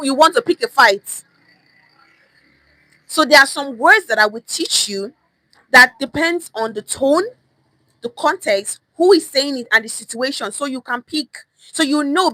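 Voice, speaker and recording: A woman's voice: high-pitched, expressive, normal speed, bright, forceful tone, dry recording, low-quality recording. A Nigerian woman giving a casual livestream lesson on pidgin, speaking emphatically and often repeating her phrases. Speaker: online language teacher. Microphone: phone or webcam on a live stream.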